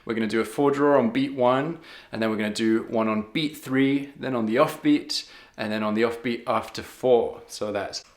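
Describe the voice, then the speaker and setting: A man's voice: mid-range voice, moderate pace, roomy sound. A man teaching harmonica in a patient, step-by-step way, counting beats aloud. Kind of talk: step-by-step music lesson.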